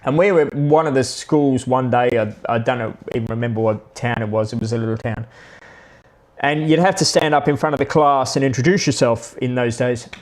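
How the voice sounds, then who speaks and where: A man's voice: mid-range voice, a little fast. A middle-aged Australian man with an Australian accent, chatting casually and rambling through anecdotes with frequent restarts. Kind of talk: casual storytelling monologue.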